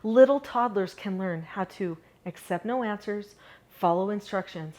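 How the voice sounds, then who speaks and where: A middle-aged woman talks straight to the camera about raising children. Her voice sits at a mid pitch, and she shifts between energetic emphasis and a softer, calmer way of speaking. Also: a little slow. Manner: upbeat, shifts between animated and calm delivery. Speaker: parenting educator. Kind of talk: direct-to-camera parenting lesson.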